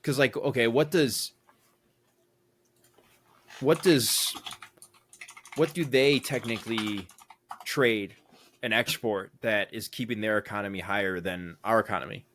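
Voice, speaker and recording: A man's voice: lowish voice, measured pace, long pauses, a bit bright, slight background noise. A young American man co-hosting a casual podcast chat, rambling and thinking aloud with lots of fillers. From United States. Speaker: podcast co-host.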